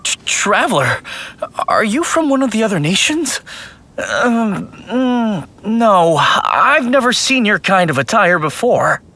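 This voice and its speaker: A man's voice: sits high, sing-song, slow pace, bright, forceful tone, exaggerated voice. An actor voicing a timid, jumpy young male undertaker who pleads nervously and yelps in fright. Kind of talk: video game voice acting.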